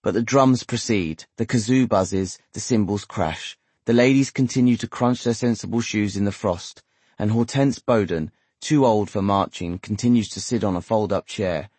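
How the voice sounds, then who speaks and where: Husky, low-voiced male audiobook narrator. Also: normal speed, darkish tone, dry recording.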